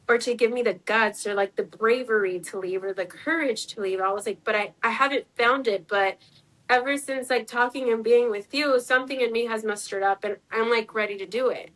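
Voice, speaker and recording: A twentysomething woman on an interview chats through a personal story, voicing others' words and using lots of "like" fillers. Her voice is medium-pitched and fairly bright, captured in poor audio.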